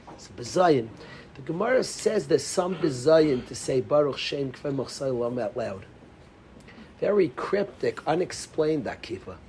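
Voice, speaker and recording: A man teaching a lively Torah class as a rabbi, calling on students by name and dropping to whispers. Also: fairly high pitch, slight background noise, rough recording. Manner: animated, calls on students by name, drops to whispers.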